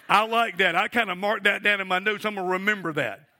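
A man's voice: high voice, brisk, few pauses, sharp tone. A middle-aged male pastor preaching a sermon, emphatic and asking the congregation for responses.

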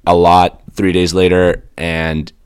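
A young man co-hosting a podcast in casual chat, with a dry, deadpan delivery and a sore broken nose. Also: low-pitched, slow pace, clear, resonant tone, no echo. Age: young adult. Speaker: podcast co-host.

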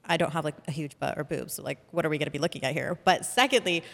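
A woman's voice: sits low, quick pace, vocal fry, a bit bright. A woman hosting a podcast in casual conversation, chatty and full of "like" fillers. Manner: chatty, filler-heavy with frequent "like". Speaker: podcast host. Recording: long hall reverb.

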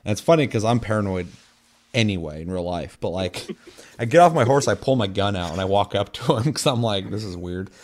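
Young man, lowish voice, casual podcast chat, rambling, profane, full of fillers. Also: expressive, fairly quick, a little mellow.

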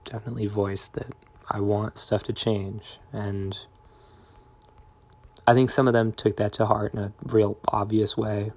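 A man's voice: on the low side, flat delivery, a little slow, a little mellow. A young man in a casual vlog monologue, rambling and meandering with lots of fillers and half-finished thoughts. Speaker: vlogger.

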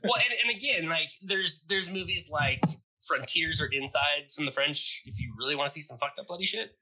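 Fast, bright-voiced male guest, husky, eager casual chatter. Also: a little high, low-quality recording. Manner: fast, enthusiastic, swears freely. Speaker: podcast guest. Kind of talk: casual chat.

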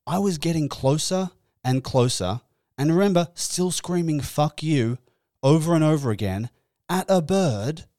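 Animated man, dry close sound. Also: a little high, no echo. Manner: animated, exasperated, swears freely. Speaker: podcast host. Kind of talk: comedic storytelling podcast. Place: indoors.

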